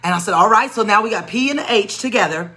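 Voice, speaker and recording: A woman educator telling a classroom story in an animated, expressive way, acting out the voices of the people in it. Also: medium pitch, quick pace, slight background noise. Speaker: educator and tutor. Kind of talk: storytelling teaching talk.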